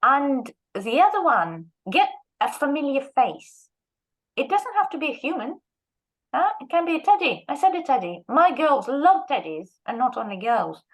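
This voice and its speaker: Animated woman telling teaching stories. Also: sits high, moderate pace, poor audio. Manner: lively storyteller who acts out quoted speech. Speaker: guest lecturer and Russian teacher. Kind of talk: anecdotal workshop talk.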